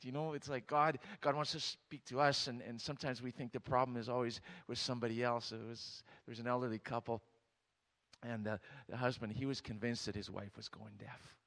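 A man's voice: medium pitch, little pitch movement, fairly quick, a bit bright. A man from Romania preaching a sermon to a church, telling a humorous story and leading the congregation in prayer. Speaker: guest preacher.

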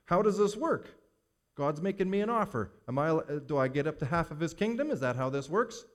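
A man's voice: a little high, expressive, fast talker. A man preaching a sermon to his congregation, using rhetorical questions and acting out the words of Bible figures in short quoted lines. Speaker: pastor.

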